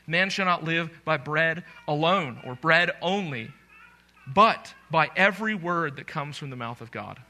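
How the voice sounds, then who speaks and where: A man preaching from the pulpit as pastor, pressing his points with emphatic rhetorical questions. His voice is very bright and sits a little high. He addresses the congregation directly throughout the sermon. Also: lively intonation, unhurried.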